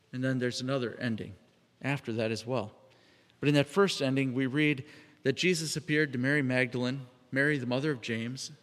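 A man delivers a sermon in a relaxed, conversational tone, at times slipping into other voices for the people he quotes. His voice sits at an ordinary middle pitch. It rings out with a long reverb, as if he is speaking in a large hall. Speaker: preacher.

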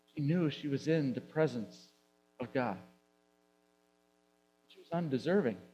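A man's voice: mid-range voice, lively intonation, a little slow, warm tone, slight background noise, rough recording. A male pastor preaching a sermon in a church, speaking conversationally and posing rhetorical questions to the congregation. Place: church sanctuary.

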